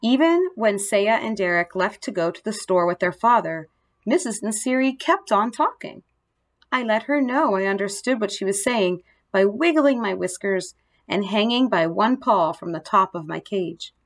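A woman reads a children's storybook aloud with a gentle, expressive delivery. Her voice sits at an ordinary middle pitch, steady and clear for young listeners. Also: moderate pace. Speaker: narrator. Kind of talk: storybook narration.

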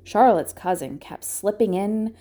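A woman reading aloud and voicing an imaginative young farm girl who talks in an excited, insistent way. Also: medium pitch, moderate pace, natural voice.

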